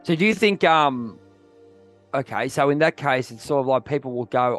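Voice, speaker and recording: A man's voice: mid-range voice, animated, normal speed, a bit bright, soft background music. A man with an Australian accent hosting a podcast, rambling and searching for words, calling people "mate". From Western Australia. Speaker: podcast host. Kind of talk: casual interview chat.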